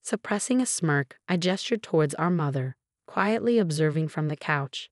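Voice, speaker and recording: A woman narrates a scripted first-person story in a low, even voice. Her delivery stays measured and unhurried. The sound is dry and close, with no echo.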